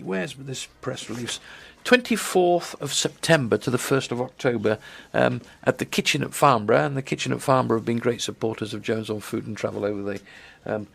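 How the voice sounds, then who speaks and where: A man's voice: mid-range voice, gravelly. A man hosting a radio food and travel show, chatting casually with lots of ums and restarts. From England. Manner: halting, many ums and restarts. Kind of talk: rambling casual radio chat.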